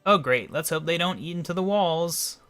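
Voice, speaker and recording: A man's voice: on the high side, normal speed, a bit bright, faint music behind, pitched above the performer's own voice, natural voice. A man doing a pompous grumbling king. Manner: pompous, complaining. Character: vain, grumpy old king, henpecked by his wife.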